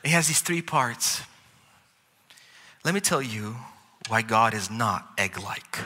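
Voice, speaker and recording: A male pastor delivers a sermon in a very bright, forward voice. He is lively and playful, tossing in jokes and asides as he teaches. His voice carries a long reverb from a large church hall. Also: medium pitch, slow pace.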